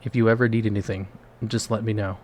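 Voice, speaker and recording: A man's voice: lowish voice, little pitch movement, fast, a little mellow, lightly acted. A man voicing a caring female maid who checks on a late-night guest, in his own voice over background music. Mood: questioning. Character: friendly female maid, housekeeper type.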